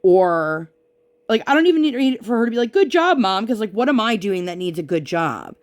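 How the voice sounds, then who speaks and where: A woman's voice: mid-range voice, sing-song, brisk. A woman vlogger chatting casually while she crafts, venting her frustration as she retells an argument.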